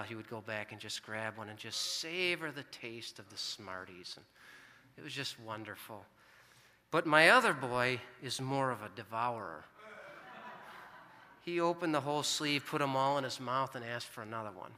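A man's voice: medium pitch, moderate pace, sharp tone. A middle-aged American man preaching a sermon, telling a family story in an earnest, conversational way. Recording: long hall reverb.

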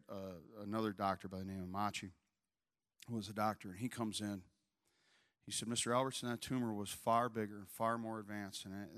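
A middle-aged man preaching a sermon, telling a story and building up to shouted, fiery preaching. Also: medium pitch. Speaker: pastor.

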